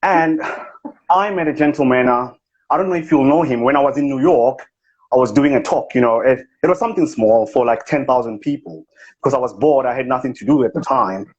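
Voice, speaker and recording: A man with a mid-range, slightly fast, breathy voice does a lightly acted send-up of a bragging South African business figure. He scolds and boasts on a live phone video call, and the livestream audio is lo-fi.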